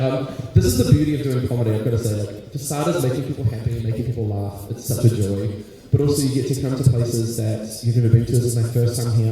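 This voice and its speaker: A man's voice: mid-range voice, mellow. A man doing live stand-up comedy, bantering with the audience between bits, recorded far off in a large civic hall with audience sound. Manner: chatty, crowd-work banter with the audience. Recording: distant, very echoey hall, audience noise.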